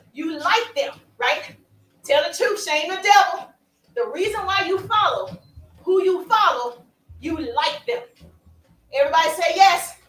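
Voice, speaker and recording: A woman coaching on social media marketing, talking playfully and with emphasis as she walks along. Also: very high-pitched. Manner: animated, playful and emphatic, with asides and laughs. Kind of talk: energetic coaching talk to camera. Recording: roomy sound, voice from a distance.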